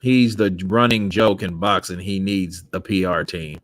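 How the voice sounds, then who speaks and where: A man hosting a casual boxing talk who is animated, laughs often and swears freely. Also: sits low, measured pace, dry recording. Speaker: host. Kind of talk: casual chat.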